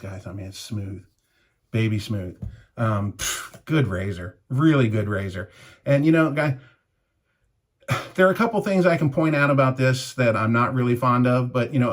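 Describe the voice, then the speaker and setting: Rambling middle-aged man telling stories. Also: mid-range voice. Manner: rambling, anecdotal, chuckling. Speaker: shaving product reviewer. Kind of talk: casual vlog storytelling while shaving.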